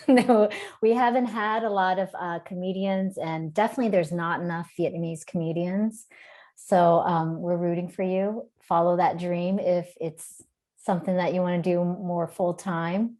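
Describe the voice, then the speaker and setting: A woman's voice: on the low side, fairly even intonation, moderate pace, darkish tone. Laughing woman hosting an interview. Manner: friendly questions, frequent laughter. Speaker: event host and interviewer. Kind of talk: casual interview. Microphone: video call.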